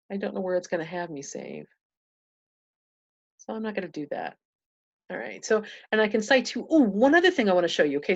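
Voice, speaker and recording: A woman's voice: mid-range voice, slightly rough, muffled recording. A woman talking through a casual screen-share tutorial, thinking aloud with many fillers and restarts.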